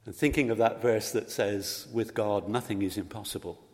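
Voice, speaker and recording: Low-voiced man preaching in a reverberant church. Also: fairly even intonation, normal speed, a little mellow. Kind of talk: sermon. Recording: long hall reverb.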